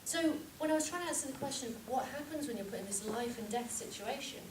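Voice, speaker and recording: Animated woman telling a comic story. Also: high-pitched, fast. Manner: animated storytelling with shouted reenactments. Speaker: contest speaker. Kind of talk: humorous speech. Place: club meeting room with audience. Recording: echoey room from far off, noisy.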